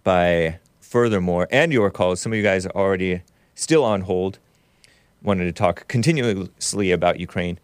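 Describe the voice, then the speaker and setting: A man hosting a live call-in talk show in a smooth, clear voice. He talks in an upbeat, breezy way, now and then jumping up in pitch with excitement. The sound is dry and close. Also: no room sound. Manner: upbeat, quick asides and bursts of high excitement.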